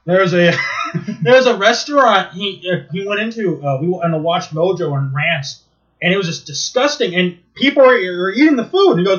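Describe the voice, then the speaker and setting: Rambling, swearing man with a bright voice. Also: high voice, moderate pace. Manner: rambling, profane, animated storytelling. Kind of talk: casual chat. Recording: dull lo-fi recording.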